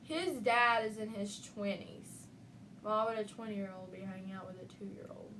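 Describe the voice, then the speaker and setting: A woman's voice: medium pitch, normal speed. A young woman casually telling a spooky story about her nephew, acting out his lines. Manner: animated, acts out a child's lines. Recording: faint noise, voice from a distance.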